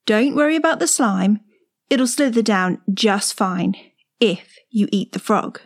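A woman's voice: medium pitch, expressive, measured pace. A woman reading a comic rhyming poem aloud with playful, rhythmic delivery.

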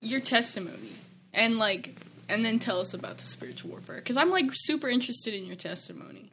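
Young woman co-host, high bright voice, very lively pitch, animated reactions, faint mic clicks. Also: a little fast, a little hiss or hum. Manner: animated, bursts of incredulous squeals. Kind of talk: casual chat.

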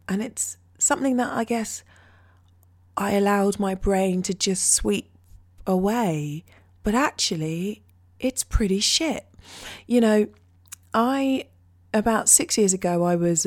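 Hesitant, reflective woman in a casual monologue, slow-spoken, dry close sound. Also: medium pitch, a little mellow, no room sound. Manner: hesitant, reflective, frequent pauses.

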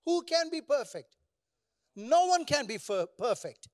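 A man with a very high-pitched voice preaches a sermon as pastor. He drives his points with rhetorical questions and prompts the congregation to answer back. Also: big pitch swings, measured pace, darkish tone.

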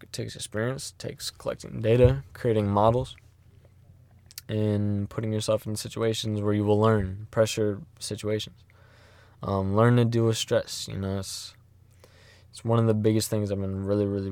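A man's voice: fairly low pitch, darkish tone, dry recording. A man hosting his own podcast, talking casually and thinking aloud with many fillers and restarts in an earnest, reflective way. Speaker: podcast host. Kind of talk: casual solo monologue.

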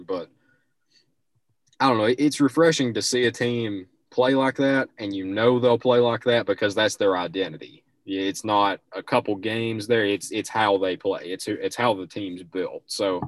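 A man's voice: fairly low pitch, no room sound. A young man co-hosting a casual sports talk show, giving rambling, opinionated takes and restarting his sentences often.

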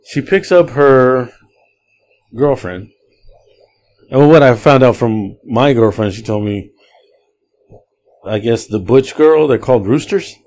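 A man hosting a podcast, casually telling a long, profane story in a rambling, animated way. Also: medium pitch, slow pace, pauses often. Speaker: podcast host.

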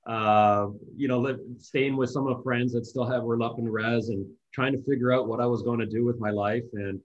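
A man's voice: medium pitch, fairly even intonation, normal speed, highs cut off. A man in his fifties, a guest in an interview, talking in a friendly, rambling way with many restarts. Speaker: guest, hotel executive. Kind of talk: casual interview talk. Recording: echoey room.

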